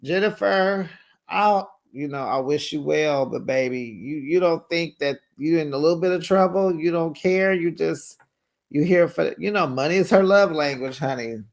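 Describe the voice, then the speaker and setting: Reality show recap host, casual gossip chat, sassy, chatty, laughs a lot, mid pitch. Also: moderate pace. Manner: sassy, chatty, laughs often, talks to viewers directly.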